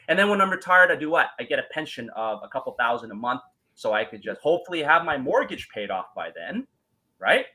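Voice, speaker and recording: A man telling his story as a guest in a casual talk, animated, acting out quoted voices and using many fillers. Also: on the high side, a little fast, rough recording.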